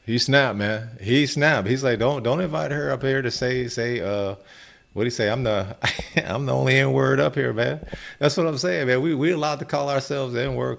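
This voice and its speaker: A man's voice: mid-range voice, vocal fry. A man hosting a reaction video, talking in a laid-back way, often adding "man" and laughing between points. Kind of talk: casual reaction commentary.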